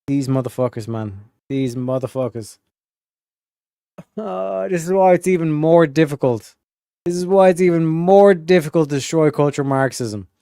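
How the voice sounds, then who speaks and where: A man's voice: a little high, animated, normal speed, vocal fry, warm tone, smooth, dry recording, studio quality. A man from Ireland, a streamer reacting to clips in casual, heated, swearing commentary. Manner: heated, swears a lot, acts out voices.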